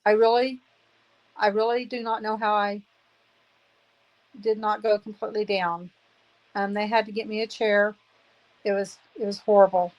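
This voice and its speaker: A woman's voice: medium pitch, level tone, normal speed, long pauses, dull audio. A woman in her fifties giving an emotional personal testimony, aggrieved and earnest, repeating phrases for emphasis. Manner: aggrieved, indignant.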